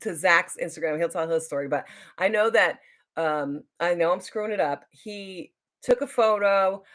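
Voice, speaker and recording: A woman, a beauty vlogger telling a story on a casual livestream at home. She rambles, loses her train of thought, and jumps into high, excited voices when she quotes people. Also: normal speed. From New Jersey.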